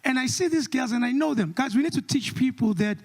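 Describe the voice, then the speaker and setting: A South African man performs stand-up with a distinctly high-pitched voice and a South African accent. He jumps between English and Xhosa, putting on quick impressions of the people in his stories. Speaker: comedian. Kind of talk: stand-up comedy.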